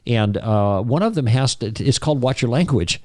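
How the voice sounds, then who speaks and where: A man's voice: mid-range voice, lively intonation, moderate pace, a little mellow, no room sound. Man telling stories on a dry studio mic. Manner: storytelling, slips into mimicking voices for jokes. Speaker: podcast guest, Christian apologist. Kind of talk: casual podcast conversation. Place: podcast studio. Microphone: studio microphone.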